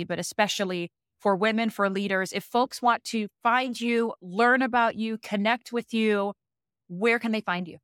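A woman's voice: medium pitch, a bit bright, no room sound, clean studio sound. A woman hosting a podcast, asking questions in an upbeat, encouraging way. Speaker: podcast host. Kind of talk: podcast interview.

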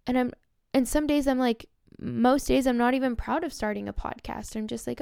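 A woman's voice: on the high side, fairly even intonation, fairly quick, creaky, dark tone, clean tone, no room sound, studio quality. A young woman hosting a podcast, telling a story in an emotional, gushing way with lots of fillers. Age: young adult. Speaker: podcast host. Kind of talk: casual storytelling monologue.

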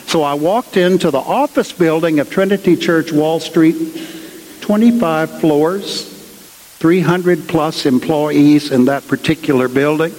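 In a cathedral with long reverb, a man gives a storytelling sermon as a guest speaker, retelling the tale in a chatty manner with many asides. His fairly high voice is a little mellow and moves at a moderate pace.

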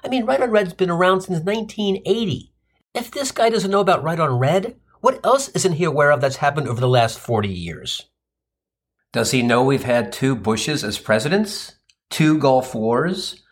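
Male comic host, sardonic storyteller, husky tone with a lively swinging pitch. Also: normal speed. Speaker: comedy podcast host.

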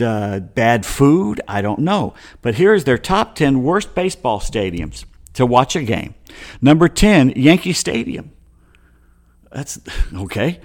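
Man, sports talk host, casual chat, rambling, wry asides. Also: mid-range voice.

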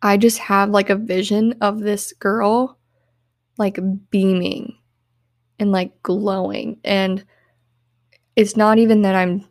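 Young female podcast host, earnest and heartfelt, teary-voiced, mid pitch, dry close mic. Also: little pitch movement, slow, pauses often, dry recording. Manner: earnest, heartfelt, uses "like" often. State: tearful, on the verge of crying. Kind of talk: self-help podcast monologue.

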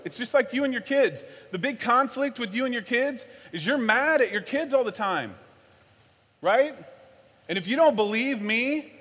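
A man preaching a sermon, animated, swinging from low and earnest to loud and worked-up. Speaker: pastor. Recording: long hall reverb.

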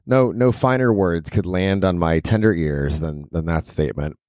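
A man's voice: deep voice, normal speed, darkish tone, dry recording, studio quality. A male comedian hosting his own podcast, rambling through a casual, profane and self-mocking solo monologue.

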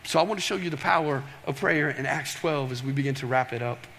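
A man preaching a sermon, animated and storytelling, tossing questions to the congregation. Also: mid-range voice, fast, gravelly, slight background noise. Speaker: pastor. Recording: long reverb of a large hall.

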